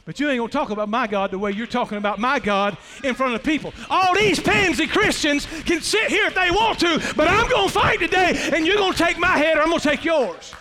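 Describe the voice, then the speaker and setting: A man's voice: high voice, rapid-fire, few pauses, bright, forceful tone, a little hiss or hum, voice pushed down. A man voicing a fearless, fiery young shepherd hero, speaking with impassioned, folksy defiance in a reverberant hall. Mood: defiant.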